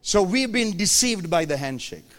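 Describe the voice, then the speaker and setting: A pastor preaching a sermon in a church, animated and playful, acting out his congregation's voices and teasing the crowd. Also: high voice, normal speed.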